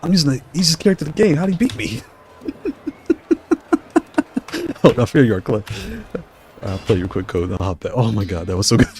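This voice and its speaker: A man giving excited, trash-talking play-by-play of his own fighting game matches. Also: medium pitch, brisk, pauses often, slight background noise. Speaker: gaming channel host. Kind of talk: live gameplay commentary. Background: fighting game music and sounds.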